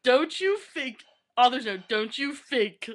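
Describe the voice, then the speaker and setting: A woman's voice: sits high, expressive, slow. A young woman vlogging at her webcam, reading aloud and often breaking into giggles. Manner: giggly, keeps breaking into laughter while reading. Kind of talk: casual vlog, reading aloud.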